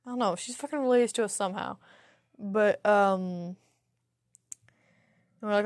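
A podcast host, a young adult woman, speaks at normal speed in a medium-pitched voice, recorded in studio quality with no room sound. Her casual solo story wanders, swears freely, and keeps stumbling into restarts.

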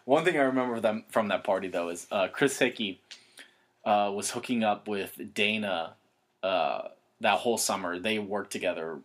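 Young man, casual storytelling, rambling, profane, husky voice. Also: lowish voice, normal speed, fairly bright tone. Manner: rambling, profane, lots of fillers and restarts.

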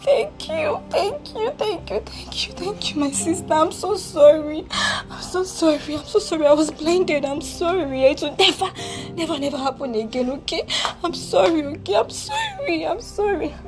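A woman acts out a weeping big sister with a Nigerian accent, her high voice climbing even higher as she pleads and apologizes over and over. It is a homemade audio drama with faint music underneath. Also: moderate pace. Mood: tearful grateful. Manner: tearful, pleading, repeats apologies.

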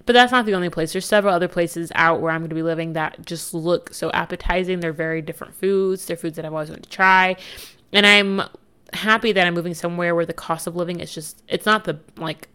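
A young American woman with a lowish, sharp, smooth voice talks fast on her own podcast. She chats candidly and casually on her own, laughing easily.

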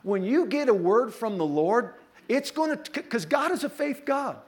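A man's voice: very high-pitched, very animated, normal speed. A middle-aged man pastor preaching a sermon, telling a personal story with playful asides to his congregation. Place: church.

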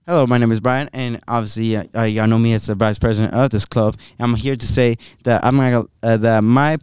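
Smooth-voiced rambling teenage boy. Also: medium pitch, fairly even intonation, brisk, darkish tone, no echo, studio quality. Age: teens. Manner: rambling, lots of restarts. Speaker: club vice president. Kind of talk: casual chat.

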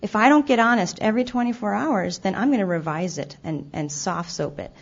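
A woman's voice: medium pitch, creaky, slightly rough. Candid woman giving a recovery talk. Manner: candid and self-deprecating, with halting restarts; acts out her own past remarks. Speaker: speaker sharing her recovery story. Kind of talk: personal testimony talk. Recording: dull lo-fi event recording.

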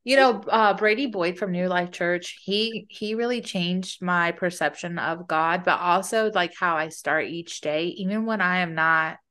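Earnest lower-voiced woman. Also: unhurried, hardly any pauses, smooth. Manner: earnest, open, soft when sharing. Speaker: podcast co-host. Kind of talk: casual faith chat.

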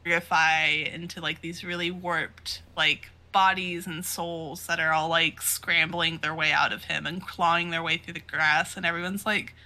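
Woman co-host, bright voice, casual recap, quick to laugh, acts out lines. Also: on the low side, level tone. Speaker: podcast co-host. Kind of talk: casual chat recapping a manga.

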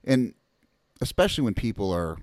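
A man's voice: lowish voice, sing-song, normal speed, darkish tone, no echo, clean studio sound. A young adult man in casual chat, earnest and reflective.

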